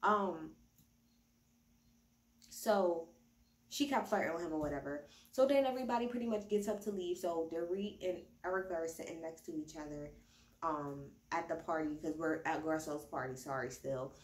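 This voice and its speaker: Her voice sits low and moves at a moderate pace as she gives a loose, profane, slangy rundown of a reality show after a few drinks. Recorded indoors at home on a device's own mic, the audio carries a roomy echo.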